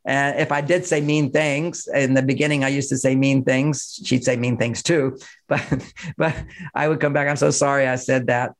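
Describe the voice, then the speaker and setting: Talking about his own marriage, a man gives relationship advice in a podcast interview, emphatic and explanatory with frequent chuckles. His medium-pitched voice has fairly even intonation and a moderate pace.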